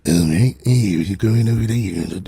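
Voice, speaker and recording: A man doing a gruff mock-Cockney tough guy. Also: lowish voice, brisk, mellow, dry recording, studio quality, voice pushed down, exaggerated voice. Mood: menacing. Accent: mock Cockney British. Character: gruff male British tough guy, rude and threatening.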